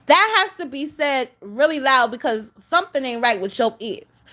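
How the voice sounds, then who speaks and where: A woman's voice: high-pitched, expressive, moderate pace, sharp tone. A woman giving casual reaction commentary, scolding and exasperated as she talks straight at the person she criticizes.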